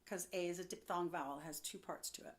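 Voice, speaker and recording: A young woman with a lowish, steady voice gives a singing lesson as a vocal coach, with loud music playing behind her. She's upbeat and chatty, explaining as she goes with quick demos and laughs.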